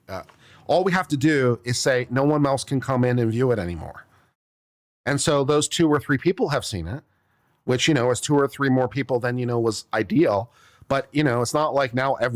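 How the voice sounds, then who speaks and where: A man's voice: mid-range voice, no room sound. A man, an attorney, reacting to a legal brief in casual commentary, sarcastic and exasperated. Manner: sarcastic, exasperated, acts out little scenes.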